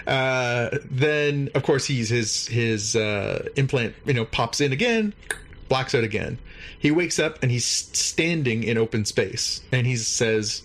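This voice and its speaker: A man hosting a podcast, recapping an episode in a casual, animated way and jumping into higher voices for the characters' lines. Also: normal speed. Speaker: podcast host.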